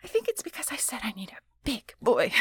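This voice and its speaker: A woman's voice: high-pitched, very animated, brisk, darkish tone, no echo, full character voice. A woman voicing a proud, defiant female boss and mother in an adult audio role-play, talking breathily and dropping into whispers. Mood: teasing. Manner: breathy, moaning, sudden whispers.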